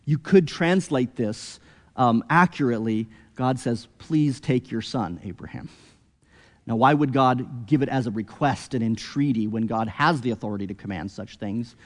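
A man preaching an expository sermon, earnest, rising to emphatic peaks and then dropping low and quiet. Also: moderate pace, in a large hall.

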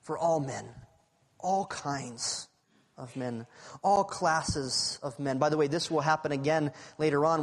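A male pastor preaching a sermon, swinging between loud urgent passages and hushed, near-whispered lines. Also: a little high. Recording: preaching in a large reverberant hall.

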